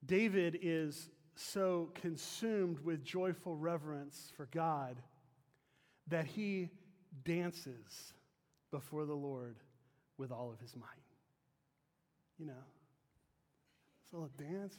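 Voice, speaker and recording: Pastor, male, high-pitched voice, earnest emphatic sermon delivery, church sanctuary with long reverb. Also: takes it slowly, pauses often, darkish tone. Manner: earnest, emphatic preaching with asides to the congregation. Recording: long reverb of a large hall.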